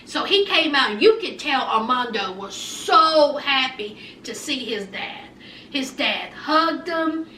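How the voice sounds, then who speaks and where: Sassy high-voiced woman in an echoey room. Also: lively intonation, slow pace, sharp tone, a little hiss or hum. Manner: chatty, sassy, calls listeners honey and child. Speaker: reality TV recap vlogger. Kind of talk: casual show recap. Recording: roomy echo, mic a bit distant.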